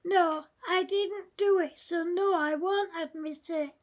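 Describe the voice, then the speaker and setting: A woman's voice: very high voice, fairly even intonation, slow pace. A woman voicing a moody child who defiantly refuses to admit anything. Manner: defiant, insistent.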